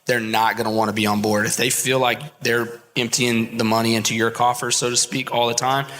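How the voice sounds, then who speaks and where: A man, a landscaping business owner, giving energetic pep-talk advice as the guest of a live podcast. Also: medium pitch, fairly quick. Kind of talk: live podcast interview before an audience. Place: large expo hall with live audience. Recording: long hall reverb.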